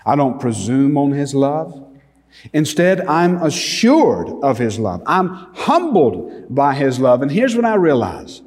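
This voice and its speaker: A male pastor preaches at a deliberate, unhurried pace, leaning on single words with long pauses between them. His voice rises and falls in volume for emphasis. It carries a long reverb, like a large church sanctuary. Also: medium pitch, sing-song, darkish tone. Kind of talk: sermon.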